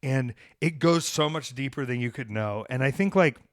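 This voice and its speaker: A man hosting a podcast, telling a story in a casual, animated way. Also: mid-range voice, normal speed, no echo, studio quality. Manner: animated, acts out quoted voices. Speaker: podcast host, pro wrestler.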